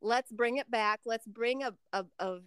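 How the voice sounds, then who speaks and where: A woman co-hosting a podcast in casual chat, animated and quick to laugh. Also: on the high side, smooth, no echo, studio quality. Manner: chatty, laughs often, animated. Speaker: podcast co-host.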